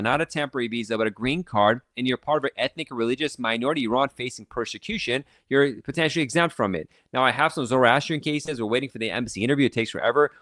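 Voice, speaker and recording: Fast-talking excited man, dry close sound. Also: mid-range voice, no echo. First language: Farsi. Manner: fast, excited talk with many restarts and fillers. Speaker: immigration lawyer hosting a channel. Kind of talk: casual explainer talk to camera.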